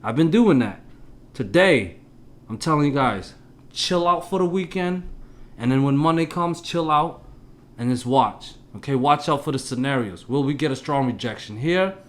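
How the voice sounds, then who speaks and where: A man gives a casual stock chart analysis, talking straight to his viewers in a punchy, emphatic style full of exclamations. His medium-pitched voice has lively intonation and moves at normal speed.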